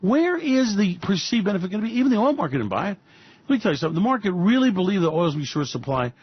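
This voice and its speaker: A man rants through sarcastic, profane market commentary, his husky voice swinging high and wide as he mocks each claim. It sounds dull and lo-fi, dry and close. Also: very animated, rapid-fire, no room sound. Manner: sarcastic, mocking, profane, repeats "Really?". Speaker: financial commentary host. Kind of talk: ranting political-economic commentary.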